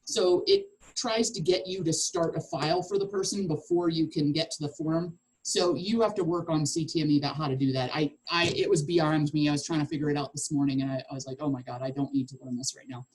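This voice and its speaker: A woman's voice: low-pitched, brisk, few pauses, a little mellow, poor audio. A woman teaching a real estate sales class in a chatty way, acting out conversations with clients.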